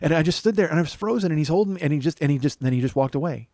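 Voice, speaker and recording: A man in his forties, a podcast host, telling a story in a profane, rambling way full of halting restarts. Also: a little high, lively intonation, darkish tone, dry recording. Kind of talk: comic storytelling monologue.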